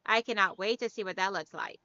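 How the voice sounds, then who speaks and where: A woman's voice: medium pitch, a little fast, sharp tone, no echo, lo-fi sound. A woman hosting a casual live stream, reading out viewer comments and answering in a friendly, chatty way. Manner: friendly, calls viewers girl.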